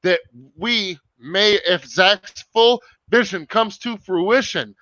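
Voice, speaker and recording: A man's voice: high-pitched, slow, sharp tone, no room sound. A young man hosting a casual livestream over a video call, talking emphatically and swearing often. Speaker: livestream host. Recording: dull lo-fi stream audio.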